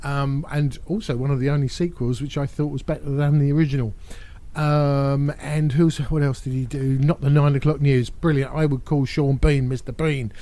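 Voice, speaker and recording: A man's voice: mid-range voice, fairly even intonation, moderate pace, dark tone. Rambling, jokey man. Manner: rambling, jokey, self-mocking asides. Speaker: YouTube host answering viewer questions. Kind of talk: casual Q&A vlog.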